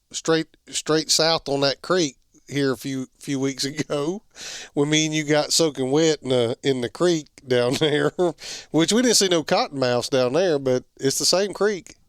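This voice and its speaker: A man's voice: a little high, measured pace, no room sound, studio quality. A man hosting a podcast and asking a guest teasing, easygoing questions. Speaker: podcast host. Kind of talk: casual chat.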